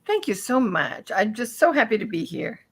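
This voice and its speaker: Earnest woman guest, slightly high-pitched, thankful and sincere. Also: big pitch swings, moderate pace, fairly bright tone, a little hiss or hum. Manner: gracious and earnest. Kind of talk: casual interview chat.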